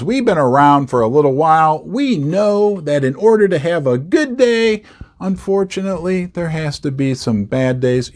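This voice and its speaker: A man's voice: fairly high pitch, darkish tone. A middle-aged man hosting his own channel, giving casual market commentary in an emphatic way, often repeating words for stress. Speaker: host.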